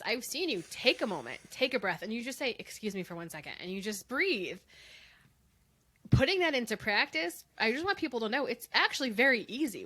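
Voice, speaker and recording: A woman co-host chats in a bright, forceful voice. She talks conversationally, laughs easily and keeps checking in with the listener. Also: medium pitch. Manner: conversational, laughs easily, frequent tag questions. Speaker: podcast producer and co-host. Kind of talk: casual chat.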